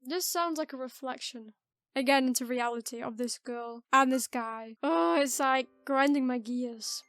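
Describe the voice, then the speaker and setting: Woman streamer, high voice, casual musing commentary, faint music behind. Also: measured pace, fairly bright tone. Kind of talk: casual commentary while reading a game.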